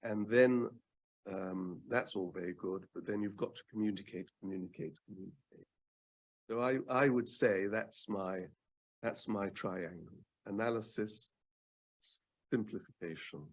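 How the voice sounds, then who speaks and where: An older man from the United Kingdom, a former advocate, speaking in a fireside chat. He talks in a measured way, repeats words for emphasis and pauses often with ums. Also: fairly low pitch.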